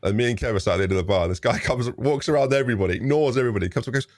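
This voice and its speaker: A man's voice: mid-range voice, rapid-fire, no room sound. A man, a podcast guest telling a funny anecdote with laughs. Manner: animated storyteller, laughs, does voices in quotes.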